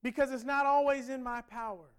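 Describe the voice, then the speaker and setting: A man with a very high voice preaching a conversational sermon. He poses question after question to the congregation and speaks in a relaxed, everyday way. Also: brisk, clean tone. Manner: conversational, asks many rhetorical questions.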